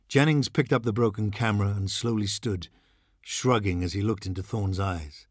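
A man narrating a horror novel as an audiobook, measured and somber. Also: fairly low pitch, husky, no room sound, studio quality.

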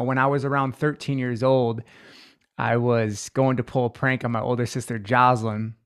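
A man in his twenties tells his life story as an interview guest, with a mid-range voice. He sounds earnest and emotional, and he slows down when the story gets hard. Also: medium pitch, smooth.

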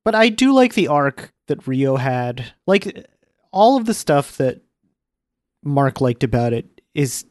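A man co-hosting a casual podcast chat, hesitant and halting, restarting his sentences. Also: mid-range voice, big pitch swings, darkish tone, no room sound, clean studio sound. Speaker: podcast co-host. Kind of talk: casual chat about an anime.

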